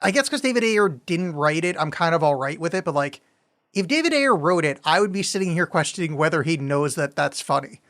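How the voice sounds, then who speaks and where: A man's voice: a little high, lively intonation, fairly quick, a bit bright. A man co-hosting a podcast, joking and swearing in a casual movie chat. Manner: joking, profane, laughs often. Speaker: podcast co-host.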